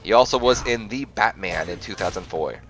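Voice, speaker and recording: A man's voice: on the low side, expressive, moderate pace, a bit bright. A man hosting a game playthrough, reading facts aloud and often stumbling and correcting himself. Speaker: gaming channel host.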